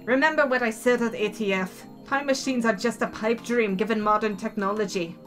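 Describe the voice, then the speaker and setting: A woman voicing a sharp, skeptical young female scientist who speaks in a tart, exasperated way. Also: a little high, fairly quick, faint music behind, natural voice.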